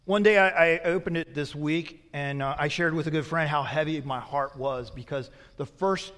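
A man with a slightly high voice preaches as pastor at a normal speed, putting rhetorical questions to his congregation. His warnings grow forceful and emphatic, and the sound has the long reverb of a big hall.

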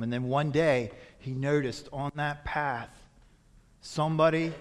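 A male pastor preaching a sermon, telling a story that moves from hushed to loud. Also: high-pitched. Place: church sanctuary. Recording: long reverb in a church hall.

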